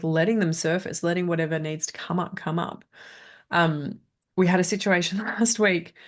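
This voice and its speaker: A woman's voice: fairly low pitch, creaky. A woman, teaching a casual coaching masterclass in a chatty way, often checking in with "right?". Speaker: trauma coach.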